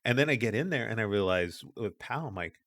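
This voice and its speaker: A man's voice: on the low side, expressive, fairly quick, fairly bright tone. A middle-aged man co-hosting a podcast, telling a story in casual chat and acting out the people he quotes. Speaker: podcast co-host.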